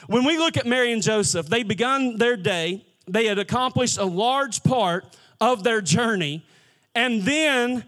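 A man's voice: very high voice, fairly bright tone. A man pastor preaching a sermon in a church, talking in a conversational way and often restarting his words. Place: church sanctuary.

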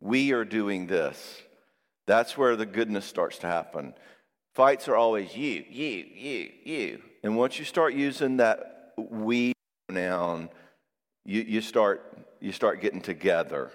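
Speaking in an unhurried, low-leaning voice, a middle-aged man gives a sermon about marriage. Lively storytelling and acted-out quotes fill it, along with frequent "all right?" asides to his listeners, all echoing with long hall reverb.

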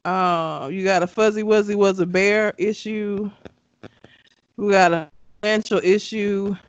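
Brief: American man, podcast co-host, high-pitched, easygoing and chatty. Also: fairly even intonation, unhurried, clean tone, muffled recording. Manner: laid-back, agreeing, laughs often. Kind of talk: casual chat.

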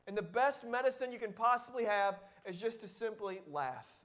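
A male pastor preaching a sermon in an earnest, exhorting way, often dropping to a near hush for emphasis. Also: high-pitched, expressive, moderate pace, few pauses. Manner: earnest and exhorting, with sudden quiet drops.

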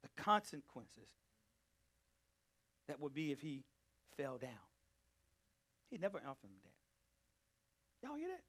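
A man teaching a Bible study, preaching emphatically and calling out to his listeners, swinging between loud and hushed delivery. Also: mid-range voice, big pitch swings, slow pace, long pauses. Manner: emphatic, calls out to the group. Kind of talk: preaching to a live group.

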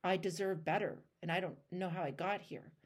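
A woman's voice: lowish voice, steady tone, fairly quick, slightly rough. A woman hosting a one-on-one coaching call, talking emphatically and acting out the voices in people's heads, with casual swearing. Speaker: life coach and show host.

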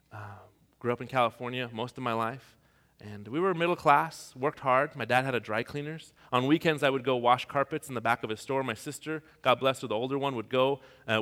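A man from Iran, a pastor, preaching a sermon and telling personal stories, his voice dropping to a hush and rising to near shouts. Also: medium pitch. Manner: storytelling, swings from hushed to shouting. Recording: long hall reverb.

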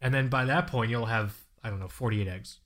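A man's voice: mid-range voice, a little fast, a bit bright. Swearing, joking male podcast co-host. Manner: profane, joking, loose rambling delivery. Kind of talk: casual chat.

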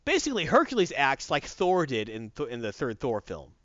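A man casually recapping a story in an animated, rambling way, correcting himself as he goes. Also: mid-range voice, a little fast, dry recording, dull audio.

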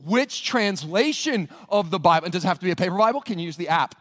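A male pastor preaching a sermon, telling a story with lively acted-out voices and laughter. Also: sits high, quick pace.

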